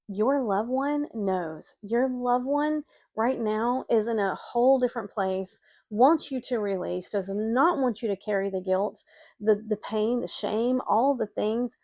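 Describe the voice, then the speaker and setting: A middle-aged woman with a fairly high voice earnestly and emotionally tells a personal story of loss, addressing grieving listeners directly as a spiritual coach. The sound is dry and close, with no room around it and no echo.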